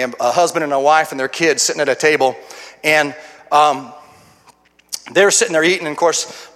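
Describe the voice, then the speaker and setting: A middle-aged man preaches his personal testimony in a high, bright voice. He talks in a folksy, restarting way, moving between quiet confession and loud conviction. The sound rings with the long reverb of a church hall. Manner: folksy storytelling with restarts, swinging from hushed to loud. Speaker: guest pastor. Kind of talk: sermon testimony. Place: church sanctuary.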